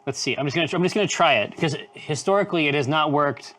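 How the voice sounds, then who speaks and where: A man's voice: a little high, fast talker. Joking man hosting a brewing stream. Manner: joking, loose, swears, sings softly to the brew. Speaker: co-host of a live brewing stream. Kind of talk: casual chat on a live stream.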